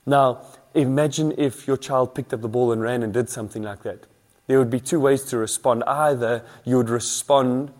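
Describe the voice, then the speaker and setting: A man's voice: medium pitch, a little mellow. A man preaching an earnest sermon as a pastor, building emphasis through repeated phrases.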